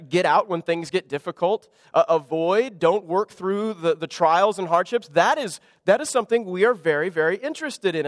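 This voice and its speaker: A man's voice: on the high side, no echo, long reverb tail. A man preaching a sermon in a conversational way, often restarting phrases and leaning hard on key words. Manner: conversational preaching with frequent restarts and lively emphasis. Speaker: pastor.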